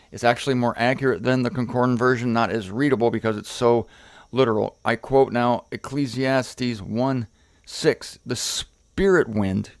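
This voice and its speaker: Excitable man teaching scripture, dry close sound. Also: medium pitch, no echo. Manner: animated, repeats words for emphasis, gets excited. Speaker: Bible teacher.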